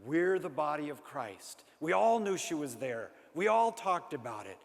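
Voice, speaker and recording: A man preaching as a storyteller, lively and acting out the scene, then dropping to a hushed voice for tender moments. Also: on the high side, normal speed, gravelly. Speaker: speaker. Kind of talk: storytelling sermon. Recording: long hall reverb.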